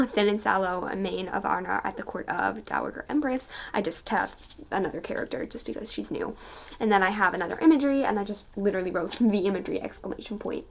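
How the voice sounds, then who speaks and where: A young woman of eighteen reads passages aloud, then chats about them in a loose, gushing way, full of fillers and little giggles. Her voice sits at an ordinary middle pitch with a noticeable creaky fry running through it. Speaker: book vlogger. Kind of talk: casual reading vlog, reading passages aloud.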